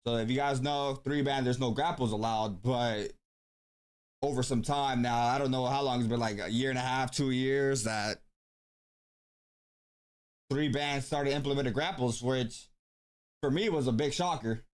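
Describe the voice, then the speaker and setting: A man's voice: medium pitch, normal speed, long pauses, smooth. An easygoing man talks into a desk mic as host of a live stream. He speaks casually in a mid-range voice, stopping to think aloud with plenty of ums and restarts. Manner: laid-back, thinks aloud with many ums.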